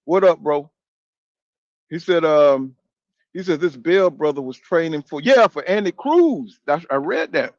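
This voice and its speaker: A man's voice: a little high, expressive, measured pace, no room sound, highs cut off. Profane older man chatting on stream. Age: 50s. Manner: loose, profane, talks back to chat. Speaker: boxing channel host. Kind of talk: casual live-stream chat reading comments.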